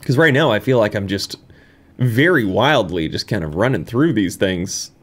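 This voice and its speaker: A man in a casual let's-play commentary, rambling and self-mocking, bursting into high excited laughter. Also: moderate pace. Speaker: gaming YouTuber. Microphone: desk microphone.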